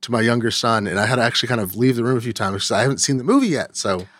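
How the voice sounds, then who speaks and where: A man hosting a podcast in casual, jokey chat, with a playful, mock-folksy banter and quick, filler-laden delivery. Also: mid-range voice, expressive, a bit bright, no room sound, clean studio sound. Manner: quick, chatty delivery with fillers and self-corrections. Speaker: podcast host.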